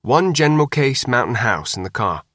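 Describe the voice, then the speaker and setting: A man's voice: mid-range voice, sing-song, moderate pace, a bit bright, dry recording, studio quality. A man voicing a middle-aged father and former soldier who gives clipped, matter-of-fact orders.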